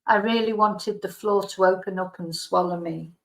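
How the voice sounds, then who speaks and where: A woman reading her own memoir aloud as a bedtime story, calm and frank with dry self-deprecating humour. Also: mid-range voice, moderate pace, reverberant, rough recording. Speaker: YouTube storyteller and Spanish teacher.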